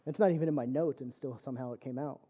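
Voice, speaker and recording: A man's voice: mid-range voice, racing, lo-fi sound. A man preaching a personal testimony sermon, telling his story conversationally with lots of fillers. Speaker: church speaker.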